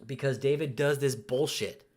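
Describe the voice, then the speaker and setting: A young man hosts a live commentary stream in an angry, profane rant. His voice sits at an ordinary middle pitch, and he ends his sentences with "dude" or "man" as he vents. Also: moderate pace. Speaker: channel host.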